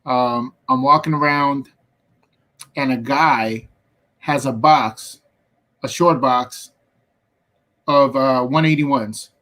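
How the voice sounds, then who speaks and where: A middle-aged man, a guest comic book artist, telling relaxed stories in a casual interview with animated asides. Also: mid-range voice, slow, long pauses.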